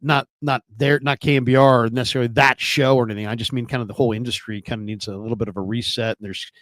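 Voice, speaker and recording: A man's voice: medium pitch, dry recording. A man in his forties hosting a sports podcast, talking casually in a hesitant, thoughtful way. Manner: hesitant, full of ums, thoughtful. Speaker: podcast host.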